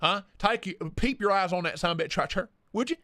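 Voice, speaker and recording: A man hosting a casual livestream, excitable and hyped, cursing freely and greeting chat viewers by name. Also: sits high, fast talker, no echo. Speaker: livestream host reviewing knives.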